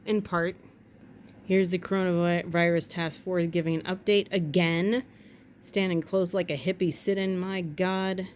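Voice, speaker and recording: A woman's voice: medium pitch, slight background noise. A woman vlogger in casual chat, rambling from one tangent to the next with wry jokes and the odd swear word.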